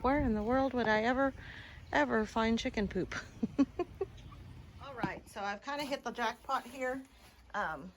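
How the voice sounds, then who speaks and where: Outdoors at a chicken coop, a woman homesteader vlogs casually, chatting, laughing and cooing at her animals. Her voice is fairly high, with a noisy background behind her.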